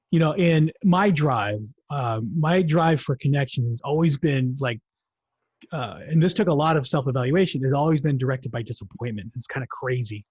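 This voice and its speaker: A man hosts a live-streamed interview in a husky voice, chatty and full of fillers. The sound is dull and dry. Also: medium pitch, no echo. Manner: chatty, rambling, with frequent fillers. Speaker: show host.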